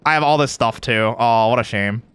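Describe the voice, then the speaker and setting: A young man streaming a horror game, chatting casually with friends, joking and jumpy, yelling when scared. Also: medium pitch, moderate pace, clean tone, no echo. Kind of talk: casual gaming stream chat.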